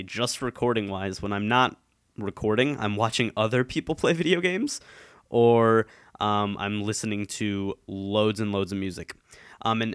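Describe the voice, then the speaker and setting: A man talks casually and at length, full of ums, restarts and asides, still a little stuffed up from a cold. His voice is smooth and clear, recorded close and dry with no room sound. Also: lowish voice, a bit bright, no echo. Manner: rambling, many ums and restarts. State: slightly congested. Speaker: YouTube commentator. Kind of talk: casual solo chat. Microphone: headphones, desk mic.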